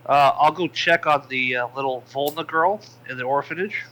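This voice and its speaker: A man playing his character in a tabletop game, talking casually and haltingly with many restarts. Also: mid-range voice, fairly bright tone, poor audio. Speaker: player.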